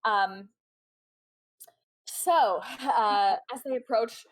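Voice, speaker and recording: A woman's voice: mid-range voice, very slow, poor audio. A woman narrating as game master, chatty and giggly, with many fillers.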